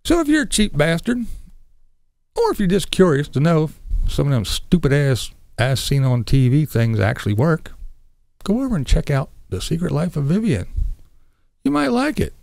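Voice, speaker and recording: A blunt, foul-mouthed man rants on his vlog, his voice swinging widely in pitch. It is gravelly and dark, sitting a bit high, and recorded dry and close. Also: very animated, normal speed, no room sound. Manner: blunt, crude, combative. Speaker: vlog host. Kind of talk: profane ranting vlog.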